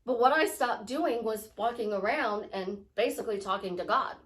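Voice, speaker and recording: A woman's voice: on the high side, moderate pace, a bit bright. A woman life coach talking casually to her viewers about prayer, rambling and acting out little dialogues. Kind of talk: casual spiritual talk to camera.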